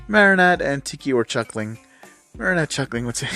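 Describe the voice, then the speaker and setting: A man's voice: a little high, lively intonation, brisk, sharp tone, faint music behind. Man narrating fan fiction plainly. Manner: plain storytelling with repeated speech tags.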